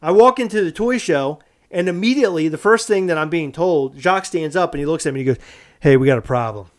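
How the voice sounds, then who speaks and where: A high-pitched man telling a story on a podcast. He chats casually and bursts into loud, animated re-enactments of what people said. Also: fast talker. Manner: animated, acts out quotes loudly. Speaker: podcast co-host.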